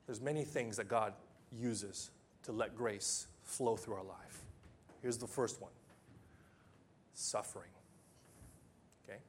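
A man preaching a sermon as pastor, emphatic, with long pauses, building to loud peaks and then dropping low. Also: slight background noise. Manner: acts out simple illustrations with sound effects.

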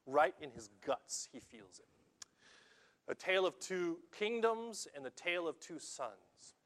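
Animated preacher man, loud to hushed. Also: on the high side, unhurried. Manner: animated preaching, stammers and repeats words, swings between loud and hushed. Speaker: pastor. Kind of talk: sermon.

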